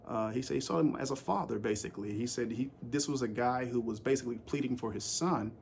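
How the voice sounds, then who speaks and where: A man records a casual sports commentary vlog, rambling with plenty of fillers and restarts and asking his viewers questions directly. His mid-range voice is quick, creaky, and darkish, with slight background noise.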